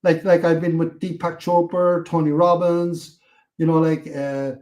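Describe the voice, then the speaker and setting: An older Irishman talks in a fairly high voice, full of energy as he tells stories from his life. He acts out what other people said and swears without a second thought. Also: measured pace. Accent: Irish, Cork. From Ireland. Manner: animated, acts out quotes, swears freely. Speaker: podcast guest. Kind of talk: storytelling interview.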